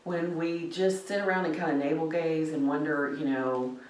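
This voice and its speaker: A middle-aged woman with a low voice hosts a relaxed faith vlog. She talks gently and wanders from thought to thought, with lots of fillers. She is recorded from a distance in a roomy space, with faint ambience behind her. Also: moderate pace. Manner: gentle, meandering talk with many fillers. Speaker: vlog host. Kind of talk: casual faith vlog while gardening.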